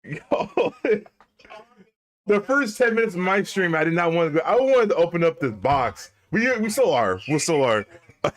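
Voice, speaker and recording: A man in his thirties chatting casually on a live stream, excitable and laughing, rambling with many restarts. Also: high voice, moderate pace.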